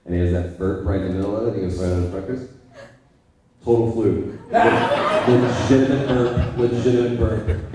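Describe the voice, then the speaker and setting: A man's voice: on the low side, warm tone. A man on a convention panel talking casually and laughing at himself. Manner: laughing, self-deprecating. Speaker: voice actor panelist. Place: large echoey convention hall. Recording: echoey hall from far off.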